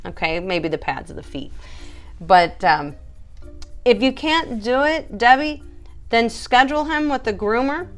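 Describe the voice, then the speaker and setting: A woman's voice: a little high, expressive, measured pace, soft background music. A woman, a pet groomer, hosting a casual live stream, chatty and emphatic as she answers viewers by name.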